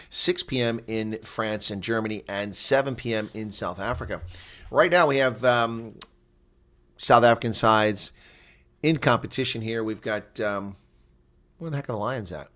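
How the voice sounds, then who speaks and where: A man's voice: mid-range voice, fairly bright tone. A man hosting a casual live rugby watch-along, chatting loosely, laughing often and reading viewer comments aloud.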